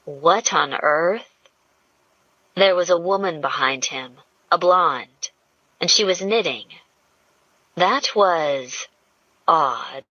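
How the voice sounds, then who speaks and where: A woman narrating an audiobook in a slow, measured storytelling manner. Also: lowish voice, animated, sharp tone, no room sound. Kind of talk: scripted narration. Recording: dull lo-fi dry audio.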